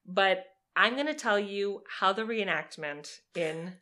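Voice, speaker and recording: A young woman co-hosting a podcast, telling a true crime story in a lively, sarcastic way and swearing freely. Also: medium pitch, unhurried. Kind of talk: casual storytelling chat.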